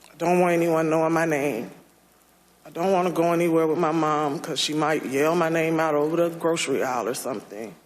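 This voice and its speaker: A woman, a former election worker, giving emotional testimony, soft-spoken and halting, with many pauses and restarts, sounding distressed and close to tears. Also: low-pitched, big-room sound.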